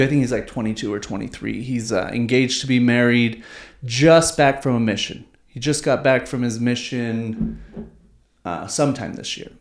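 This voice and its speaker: Slangy podcast guy in an echoey room. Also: mid-range voice. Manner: animated, slangy, swears, says "dude" and "man" often. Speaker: podcast host. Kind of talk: casual storytelling chat. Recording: roomy echo.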